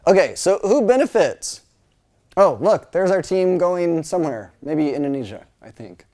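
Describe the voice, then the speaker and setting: A middle-aged man from the United States teaching a Bible college class in a loose, conversational way. His voice sits a little high for a man, and he keeps the room engaged with asides, fillers and quick impressions of other people. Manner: chatty, animated, full of fillers, mimics voices. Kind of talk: casual classroom lecture.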